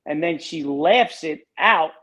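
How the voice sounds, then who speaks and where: A man co-hosting a casual podcast who teases his co-host and asks quick questions. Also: on the high side, animated, sharp tone, poor audio. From New York. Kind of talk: casual chat.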